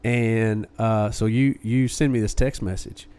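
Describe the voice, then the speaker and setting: A man co-hosting a podcast, casually retelling a story and acting out what others said in lively quoted voices. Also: lowish voice, a little slow, smooth. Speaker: podcast co-host.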